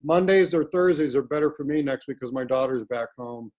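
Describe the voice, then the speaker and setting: A man's voice: medium pitch, brisk, a little mellow, low-quality recording. A man in his forties, an interview guest telling long, rambling personal stories in a casual, earnest way over a video call. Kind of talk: casual conversation.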